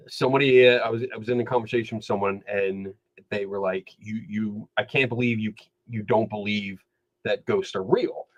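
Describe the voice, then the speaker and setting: Guy on a podcast telling investigator stories, does little voices for the people he quotes, mid pitch. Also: lo-fi sound. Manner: animated storyteller, acts out quoted dialogue. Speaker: skeptical investigator. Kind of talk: casual podcast chat. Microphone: studio microphone.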